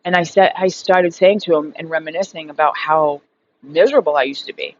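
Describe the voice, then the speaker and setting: Thirtysomething woman vlogging, blunt and sweary, lots of fillers, kinda low voice, slightly muffled recording. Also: a little fast, a little mellow, slight background noise. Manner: frank, profane, rambling with many fillers. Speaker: recovery vlogger. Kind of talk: casual storytelling monologue.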